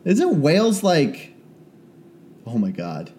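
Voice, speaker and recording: A man's voice: fairly high pitch, wildly swooping pitch, slow, dark tone, slight background noise. A man co-hosting a podcast, joking and rambling in casual comedic chat. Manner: joking, rambling, puts on bad British accents. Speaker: podcast co-host.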